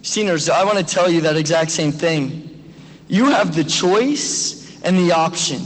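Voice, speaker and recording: A man's voice: a little high, animated, unhurried. A man in his thirties, a pastor, giving an earnest graduation sermon and prayer that puts direct questions to the listeners. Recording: long echo of a large hall.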